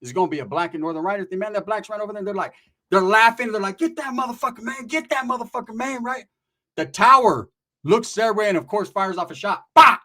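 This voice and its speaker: Man, street slang, animated storytelling, slightly high voice. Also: fast talker. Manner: animated, profane street slang with frequent "right?" tags. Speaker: storyteller recounting prison experiences. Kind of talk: casual storytelling.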